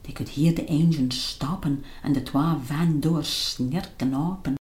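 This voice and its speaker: Scots woman reading a story, low mellow voice. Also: a little slow. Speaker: narrator. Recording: roomy echo.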